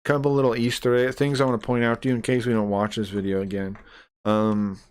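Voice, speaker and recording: A man's voice: mid-range voice, little pitch movement, a little fast, clear, resonant tone. A man livestreaming, retelling a grievance in an indignant, profane, rambling way. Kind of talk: ranting stream commentary.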